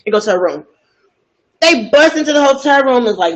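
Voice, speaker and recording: A woman host telling a story in a casual, gossipy way, chatty and expressive, asking many rhetorical questions. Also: high-pitched, brisk, muffled recording.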